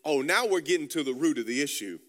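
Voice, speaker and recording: High, bright-voiced preaching man. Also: expressive, quick pace, big-room sound. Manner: passionate, repeats words while building a point. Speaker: pastor. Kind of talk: sermon.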